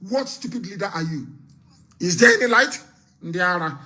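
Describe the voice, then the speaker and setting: A man hosting a live call-in broadcast, speaking in an impassioned, rousing way that often swells into shouting. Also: high voice, animated, normal speed. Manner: impassioned, rousing, scornful, raises his voice to shouts. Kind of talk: fiery live address and call-in.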